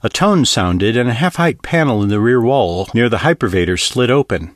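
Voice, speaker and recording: A male audiobook narrator with a lively, roaming pitch, telling the story expressively and with steady care. The sound is dry and close, with no room around it. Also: moderate pace, no echo.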